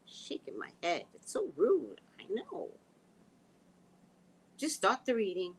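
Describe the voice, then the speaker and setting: A woman in her sixties chatting casually with her audience, snarky and animated, telling stories full of quoted dialogue, with a slight lisp from a missing tooth. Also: medium pitch, slow, creaky, breathy edge, poor audio. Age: 60s. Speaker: livestream host reading viewer comments. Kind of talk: casual chat.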